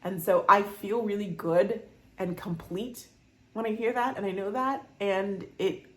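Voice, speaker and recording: A woman hosting a casual solo podcast, chatty and animated, with exasperated asides. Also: mid-range voice, unhurried, roomy sound. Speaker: podcast host.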